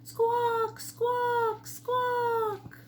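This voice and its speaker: A woman voicing a lonely young male pheasant in a storybook reading, squawking high and asking wistfully for a friend. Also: expressive, slow pace, noisy background, full character voice. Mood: pleading.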